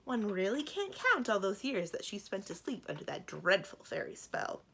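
Lady doing a calm prim storybook queen mum, soft, gravelly. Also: medium pitch, moderate pace, heavily acted. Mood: placid. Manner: placid and prim. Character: placid prim middle-aged queen mother.

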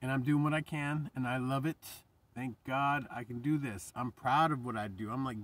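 A man talking in a casual, rambling vlog, animated and swearing freely, his voice jumping up when he quotes himself. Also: mid-range voice, normal speed, distant mic. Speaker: vlogger and painter.

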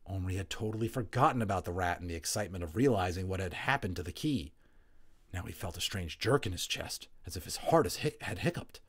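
A man narrating a children's novel aloud, expressive and building tension, dropping to hushed tones in quiet moments. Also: deep voice, fast talker. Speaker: audiobook narrator. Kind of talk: storybook read-aloud narration.

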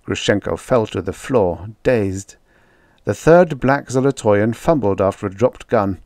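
A man reads a science fiction story aloud as an audiobook narrator, in a low-pitched voice. His delivery is steady and dramatic, scripted narration paced for tension. The sound is dry and close to the mic. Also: a little slow, no echo.

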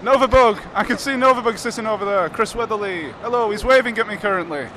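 High-voiced podcast host. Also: male voice, pushed and bright, slight background noise. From Lancashire. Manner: brisk, bantering, announcer-like introductions. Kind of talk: live podcast hosting, bantering. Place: convention hall at a live expo.

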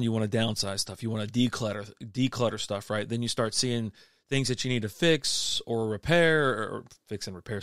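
Middle-aged male host, easygoing rambling chat, smooth close dry sound. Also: mid-range voice, a bit bright, dry recording. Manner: rambling, laid-back, lots of fillers and restarts. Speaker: livestream beer show host. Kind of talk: casual chat reading live comments.

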